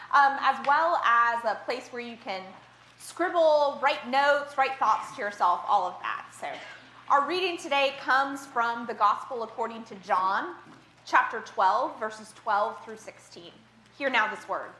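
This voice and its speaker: A woman pastor preaches in a church sanctuary, her voice fairly high and strikingly bright. She reads scripture and tells stories in a conversational, storytelling manner. The room gives her voice a roomy echo. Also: expressive, unhurried. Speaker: associate pastor. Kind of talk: scripture reading and sermon.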